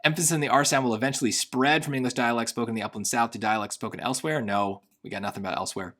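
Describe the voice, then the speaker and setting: A man tutoring for a test, reading passages quickly and then musing half to himself as he works through the answer choices. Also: mid-range voice, a bit bright. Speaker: SAT tutor. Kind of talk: thinking aloud while solving test questions.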